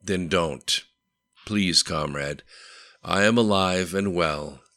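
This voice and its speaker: A man voicing a wry, guarded middle-aged male patient who speaks in a dry, measured, quietly sardonic way. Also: deep voice, no echo, exaggerated voice. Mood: calm.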